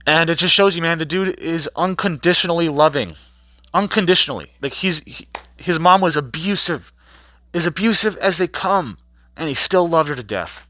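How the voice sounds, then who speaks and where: A man recapping a trial in a casual vlog, telling the story in a profane, animated way and acting out quotes in other voices. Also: on the high side, normal speed, no echo.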